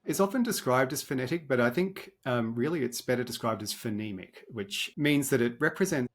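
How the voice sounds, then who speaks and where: A man's voice: mid-range voice, expressive, fairly quick. Thoughtful Australian man explaining. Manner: thoughtful, hesitant with ums. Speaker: guest expert. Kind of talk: interview answer.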